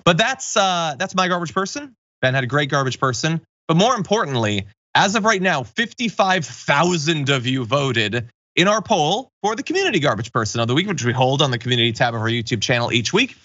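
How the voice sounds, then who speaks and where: Sarcastic, animated male political host. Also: a little high, brisk, no echo, highs cut off. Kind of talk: opinionated political commentary.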